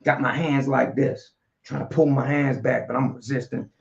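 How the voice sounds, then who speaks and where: Gravelly man. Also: mid-range voice, moderate pace. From Philadelphia. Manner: animated, streetwise, peppered with slang and "you know what I'm saying". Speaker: guest. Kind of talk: casual storytelling interview. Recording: dull lo-fi audio.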